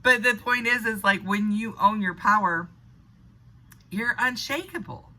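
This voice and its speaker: A woman's voice: mid-range voice, a little slow, pushed and bright, poor audio. A woman in an unscripted motivational monologue, talking earnestly and conversationally, sometimes laughing at herself. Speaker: spiritual vlogger.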